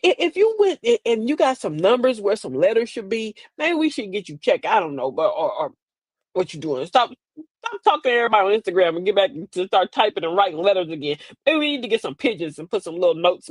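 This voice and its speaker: An older woman hosts a casual comedic chat, telling stories to an online audience in a mid-range voice with big pitch swings, speaking fast on a dry recording. She comes across as sassy and preachy, laughing through her asides.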